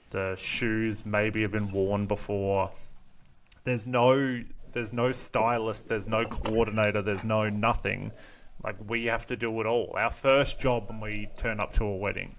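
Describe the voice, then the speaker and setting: A man with an Australian accent hosting a casual interview, speaking bluntly and swearing freely. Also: on the low side. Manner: blunt, swearing, plain-spoken. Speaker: podcast host.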